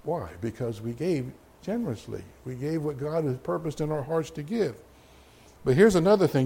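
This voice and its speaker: A man's voice: on the high side, darkish tone. Folksy middle-aged male pastor preaching. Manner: conversational preaching with folksy asides and chuckles. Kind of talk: sermon.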